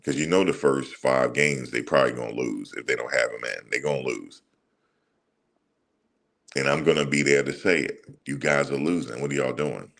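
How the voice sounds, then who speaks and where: A man hosting a sports commentary channel rants heatedly and profanely in a casual monologue, repeating himself as he goes. His voice is extremely low and creaky yet a bit bright, at a moderate pace.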